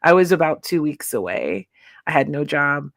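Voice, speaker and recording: A woman hosting a veterans' podcast, warm in her affirmations and sharing her own past. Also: sits low, very animated, moderate pace, gravelly, no room sound, studio quality. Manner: encouraging, affirming. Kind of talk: interview podcast.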